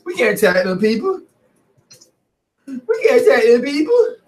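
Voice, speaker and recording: Man doing a cowardly whiner, high-pitched, wavering, mocking. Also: wildly swooping pitch, normal speed, distant mic, exaggerated voice. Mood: whining. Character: whiny cowardly man begging to turn back.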